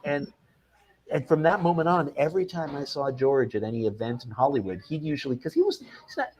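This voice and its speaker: A man's voice: fairly high pitch, a little fast, low-quality recording. A man, a film director guest in an interview, telling anecdotes animatedly, acting out what people said and often restarting his sentences. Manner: animated, acts out quoted people, frequent restarts.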